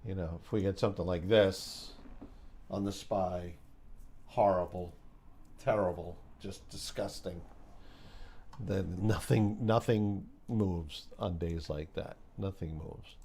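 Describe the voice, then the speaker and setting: Slow, rambling low-voiced man. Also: warm tone, a little hiss or hum. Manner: slow, rambling, self-mocking with small laughs. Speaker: day trading streamer. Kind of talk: casual live stream talk.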